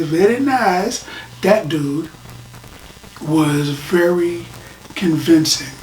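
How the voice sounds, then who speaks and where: A reviewer talking casually through a show, rambling with restarts and dropping into whispers for emphasis. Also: mid-range voice. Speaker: film and TV reviewer. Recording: roomy, distant mic, faint noise.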